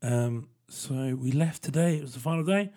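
Guy doing a solo podcast, rambly and jokey, laughs at himself a lot, mid-pitched voice. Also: moderate pace, warm tone. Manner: rambling, jokey and self-deprecating, with frequent laughs. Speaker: podcast host. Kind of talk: solo comedic podcast monologue.

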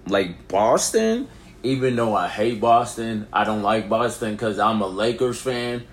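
A young man giving a rambling, casual opinion monologue, rising to near shouts and then dropping to a low mutter. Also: lively intonation, a little slow. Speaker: vlogger.

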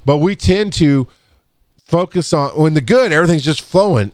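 A middle-aged man, an EMT and podcast co-host, telling rambling work stories in casual chat and jumping up in pitch to act out other people's lines. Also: lively intonation, normal speed, darkish tone, dry recording. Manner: rambling, restarts, acts out quotes in a higher voice. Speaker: podcast co-host, EMS worker. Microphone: studio microphone.

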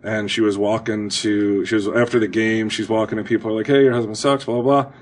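A man's voice: lowish voice, level tone, a little fast. A man hosting a podcast, chatting casually with crude, joking banter and frequent laughter. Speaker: podcast host. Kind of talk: casual chat.

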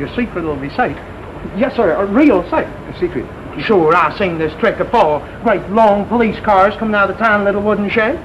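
An actor playing a rambling comedy yokel tourist in an old film. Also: male voice, high-pitched. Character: fast-talking comedy yokel tourist man. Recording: dull old film audio with noise.

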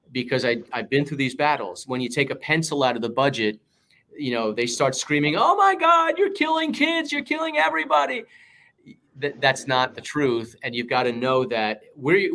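New york guy, political candidate in an interview, punchy emphatic talk, mid pitch. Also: fairly bright tone. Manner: emphatic, punchy campaign rhetoric. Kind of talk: interview answers.

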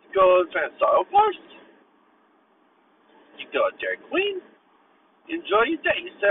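High-voiced man rambling while driving. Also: wildly swooping pitch, normal speed, long pauses. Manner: absurd mock-motivational rambling in a put-on voice. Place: inside a moving car. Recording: tinny phone-like audio with faint road noise.

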